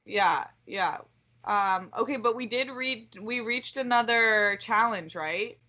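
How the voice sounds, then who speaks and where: A woman's voice: on the high side, slow pace, pushed and bright. A woman hosting a livestream, chatting casually, encouraging donors and laughing along with her co-hosts. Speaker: show host.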